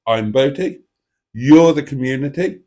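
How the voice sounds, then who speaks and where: A man hosts a live stream from his dining table at home, speaking into a desk microphone at a middling pitch. He rambles along, mocking himself with theatrical flourishes as he chats to his viewers. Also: a little slow, warm tone. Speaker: livestream host. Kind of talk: casual live stream chat.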